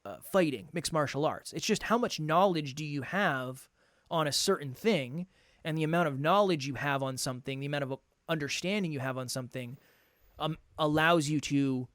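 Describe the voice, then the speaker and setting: A man co-hosting a casual podcast, animated and prone to restarting his thoughts, joking at his own expense. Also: fairly high pitch, moderate pace, no echo, studio quality. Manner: animated, restarts thoughts, self-deprecating jokes. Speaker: podcast co-host.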